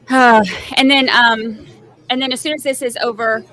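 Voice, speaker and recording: A woman's voice: fairly high pitch, sharp tone. A woman hosting a casual livestream, rambling and giggling at herself between topics. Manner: giggly, rambling, self-mocking. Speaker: livestream host.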